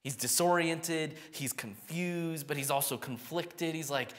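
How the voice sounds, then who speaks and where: A young adult man preaching a sermon. He prays softly, reads scripture with feeling, and grows lively and animated when he tells stories. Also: fairly high pitch, moderate pace, hardly any pauses, big-room sound. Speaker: pastor. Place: church sanctuary.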